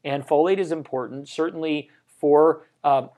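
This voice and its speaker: His voice is fairly high, mellow, and steady in tone, moving at normal speed. As co-host of a live health show, he chats casually about health with enthusiasm, jokes between points, and tells personal stories.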